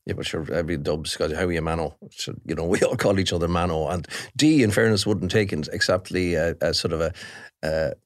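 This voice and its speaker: Middle-aged Irish crime reporter as podcast guest, deep-voiced, forceful and animated. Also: male voice, fairly quick. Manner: animated, emphatic with frequent restarts. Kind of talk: podcast interview.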